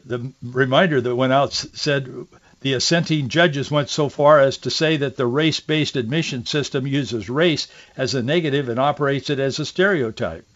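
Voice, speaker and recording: Indignant male talk show host. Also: mid-range voice. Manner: indignant, sarcastic, restarts often. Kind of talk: opinionated political commentary. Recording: dull lo-fi audio.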